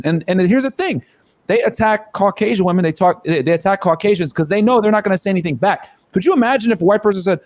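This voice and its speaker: A man's voice: high-pitched, fast, dry recording. A man speaking as a guest on a panel show, ranting bluntly with heavy swearing and fillers. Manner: profane, emphatic, many fillers like "man" and "yo". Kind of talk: blunt opinion rant.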